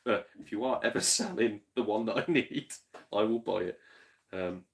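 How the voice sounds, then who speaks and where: A man's voice: lowish voice, normal speed, vocal fry. Tipsy, chatty streamer man. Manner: chatty, swears freely, laughs often, tipsy. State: slightly tipsy. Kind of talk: casual live-stream chat.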